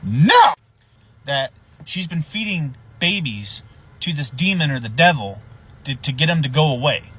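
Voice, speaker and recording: A man, a sheriff's deputy, casually telling a story in a profane, animated way. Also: fairly high pitch, moderate pace, slightly rough, poor audio.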